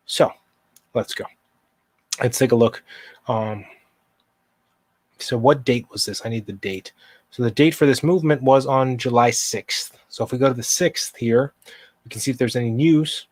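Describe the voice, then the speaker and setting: A man's voice: mid-range voice, normal speed, pauses often, a little mellow, dry recording. A man hosting a live stock market stream, talking viewers through charts in an impassioned, emphatic way and answering chat. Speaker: livestream stock market host.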